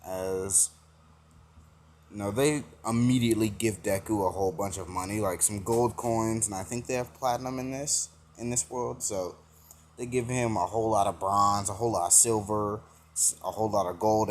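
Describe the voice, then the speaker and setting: A man's voice: fairly low pitch, steady tone, moderate pace, slight background noise. A man casually retelling a fan-made story, rambling with many fillers and self-corrections.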